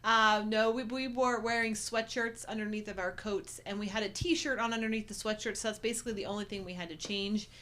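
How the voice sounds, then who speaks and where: A woman from the United States co-hosting a casual livestream chat, telling stories in a chatty, animated way and laughing often. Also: mid-range voice, a little fast, hardly any pauses. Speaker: co-host.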